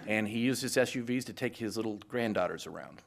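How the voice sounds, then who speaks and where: A middle-aged man speaking as a guest to a live audience, telling lively stories and acting out both sides of conversations. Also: lowish voice, fast talker, vocal fry. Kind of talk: anecdotal speech to a live audience.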